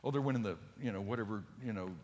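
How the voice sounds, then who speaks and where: An older man preaching an evangelistic sermon, telling stories fervently and swinging from loud urgent peaks to hushed lows. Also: racing. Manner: storytelling with many repeated words. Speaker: speaker. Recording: long reverb in a large hall.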